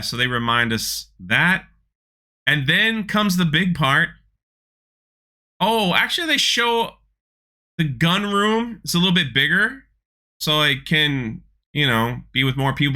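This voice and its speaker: A man's voice: a little high, bright, forceful tone. A man hosting his channel, giving sarcastic, ranting commentary on a trailer with frequent restarts. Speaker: channel host.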